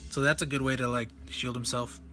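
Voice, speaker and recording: Male reviewer, casual and excitable, restarts and self-corrections; bright, sharp tone, faint music underneath. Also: mid-range voice, brisk. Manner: enthusiastic, rambling, self-correcting. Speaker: comic reviewer. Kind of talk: casual comic walkthrough.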